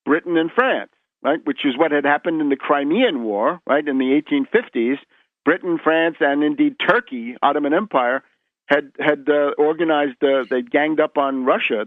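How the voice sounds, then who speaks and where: A man speaks as a guest on a radio interview, explaining in an emphatic, lecturing way with frequent restarts and a tagged "right?". His voice sits somewhat high for a man and comes through a tinny, phone-like line. The sound is dry and close. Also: no echo. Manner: emphatic lecturing, many repeated words and "right?". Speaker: guest historian.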